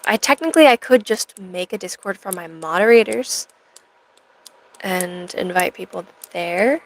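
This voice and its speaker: A woman's voice: fairly low pitch, expressive, measured pace, low-quality recording. A young American woman live streaming, chatting in a rambling way to her viewers. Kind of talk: casual chat to a live stream audience.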